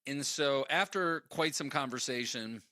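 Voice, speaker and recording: A man co-hosting a podcast, excitedly retelling a movie plot and acting out the characters' lines. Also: medium pitch, a little slow, no room sound, studio quality. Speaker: podcast co-host. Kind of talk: casual movie recap chat.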